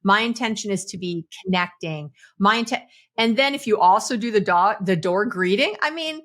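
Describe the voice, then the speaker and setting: A woman psychologist, a guest on a podcast, giving relationship advice in an animated way, acting out little quoted lines and laughing often. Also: mid-range voice, normal speed.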